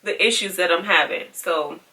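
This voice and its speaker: A woman's voice: lowish voice, normal speed, bright, forceful tone, recorded from a distance. A woman vlogging, frankly and with exasperation retelling a story and quoting the people in it. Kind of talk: casual storytelling to camera.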